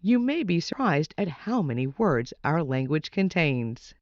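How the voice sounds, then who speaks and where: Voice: medium pitch, big pitch swings, a little slow, no room sound, lo-fi sound. A reader steadily reading a children's nonfiction book aloud.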